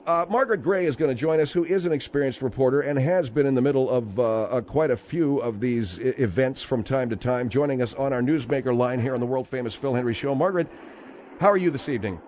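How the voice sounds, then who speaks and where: A man hosting a call-in radio show, brisk and exasperated with his callers. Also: medium pitch, a little mellow, slight background noise. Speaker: radio talk show host.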